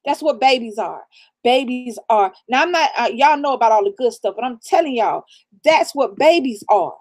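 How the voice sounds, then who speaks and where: A woman's voice: on the high side, animated, normal speed. A middle-aged woman raised in the American South, co-hosting a casual live stream and giving blunt, profane advice with laughter. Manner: blunt, profane, preachy real talk with laughter. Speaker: channel co-host.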